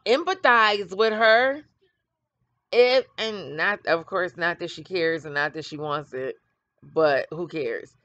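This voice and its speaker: A middle-aged woman with a bright, forceful, mid-range voice hosts casual gossip commentary, blunt and quick to trash-talk, laughing frequently. The audio is dry, dull and lo-fi.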